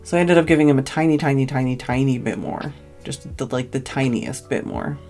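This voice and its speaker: A woman's voice: rumbling low, brisk, a little mellow, faint music behind. A tired woman streamer telling a long, casual story, rambling and full of "like" fillers.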